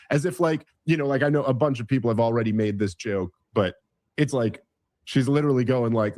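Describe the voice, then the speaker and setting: A man's voice: mid-range voice, animated, a little fast, darkish tone, dry recording. A man ranting in casual political chat, swearing and restarting his sentences often. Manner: ranting, profane, rambling with many restarts.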